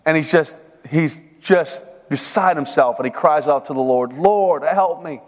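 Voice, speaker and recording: Middle aged guy giving a folksy joking sermon, bit high voice, echoey big hall. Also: moderate pace. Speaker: seminar speaker. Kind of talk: sermon-style talk. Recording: long hall reverb.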